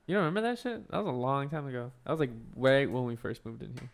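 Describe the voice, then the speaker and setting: A man's voice: mid-range voice, very animated, fast, vocal fry. A young man co-hosting a podcast, joking around and swearing freely in casual chat. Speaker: podcast co-host.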